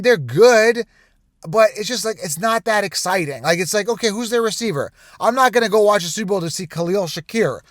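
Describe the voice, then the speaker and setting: Male sports host with a raised pitch, recorded dry and close, ranting casually to camera. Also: no echo. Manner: animated, conspiratorial, repetitive asides. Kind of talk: casual direct-to-camera rant.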